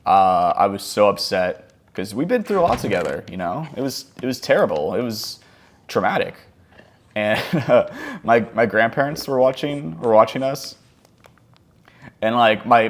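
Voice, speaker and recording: Around thirty, this gaming vlogger talks over his play in a loose, self-mocking ramble, his speech swinging between mumbles and sudden yelps. He sounds animated, with a fairly low voice at an ordinary pace.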